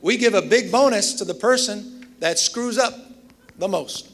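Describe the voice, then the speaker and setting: A man's voice: high-pitched, measured pace, fairly bright tone. A man delivering a commencement speech, telling emphatic stories with self-deprecating humor. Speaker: commencement speaker.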